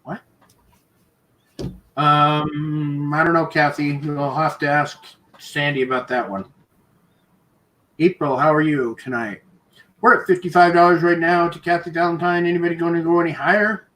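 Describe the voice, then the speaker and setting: A man running a live online auction, calling bids in brisk, repetitive patter and chuckling now and then. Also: on the high side, fairly even intonation, pushed and bright.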